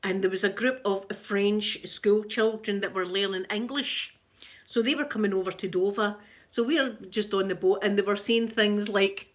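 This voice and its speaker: A woman's voice: mid-range voice, moderate pace. A woman in her forties with a Glaswegian Scottish accent, chatting casually and joking with viewers on a live stream. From Scotland. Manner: chatty and joking, with bursts of laughter. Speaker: livestream host chatting with viewers.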